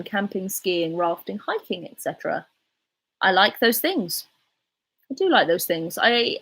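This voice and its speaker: A woman's voice: medium pitch, a bit bright, slightly rough. A woman in her twenties with a Southern English RP accent, chatting casually on a livestream and reading viewer comments aloud. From England. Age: 20s. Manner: chatty, rambling, reads chat aloud. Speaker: livestreaming YouTuber.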